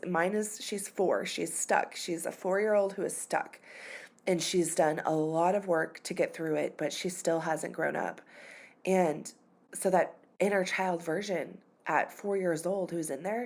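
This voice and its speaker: A woman in her thirties hosts her own podcast, candidly confessing a hard personal moment in a casual way, filled with "like" and "you know." Her fairly low, slightly mellow voice keeps a measured pace, and at times she sounds near tears.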